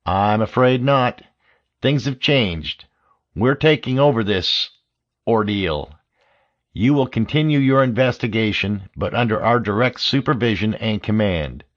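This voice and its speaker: A man voicing a sleazy, rodent-like male interrogator with a nasal, sharp voice and a smug, officious manner. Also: lowish voice, lively intonation, measured pace. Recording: dull lo-fi audio.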